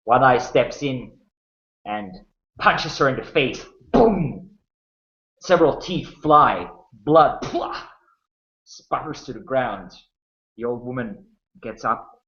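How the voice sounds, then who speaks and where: A man running a tabletop game, narrating slowly and dramatically with small restarts. His voice sounds roomy and a little dull. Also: medium pitch, animated, fairly bright tone. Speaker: game master.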